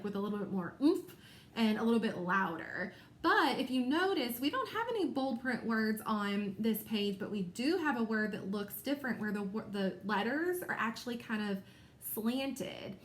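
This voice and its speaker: A woman's voice: a little high, a little hiss or hum. Encouraging woman teacher in an echoey room. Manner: encouraging, clear classroom explanations. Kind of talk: recorded small-group reading lesson.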